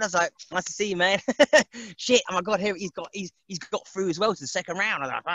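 A man's voice: high voice, quick pace, bright, forceful tone, no echo, muffled recording. A man, chatting casually as an interview guest, rambling and laughing often and mimicking other people's voices. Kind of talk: casual chat.

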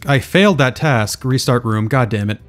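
A man's voice: mid-range voice, normal speed, faint music behind. A man giving casual let's play commentary, muttering as he thinks aloud. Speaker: gaming video creator.

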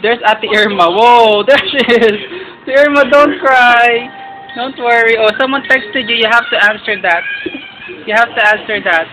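A woman's voice: fairly high pitch, normal speed, over music, low-quality recording. A woman with a Filipino accent filming at home on a handheld camera, chatting casually and coaxing, teasing and repeating herself. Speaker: home video maker filming family. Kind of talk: casual home video narration. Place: living room at home. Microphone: handheld camera mic.

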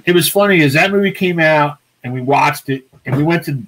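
A man co-hosting a live online auction, with a voice that sits a little high. He swaps loose stories with his partner, laughs easily and breaks off to call out the next bid. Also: brisk, fairly bright tone, low-quality recording. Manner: chatty, laughs easily, calls out bids. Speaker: auctioneer co-host. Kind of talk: casual live auction chat.

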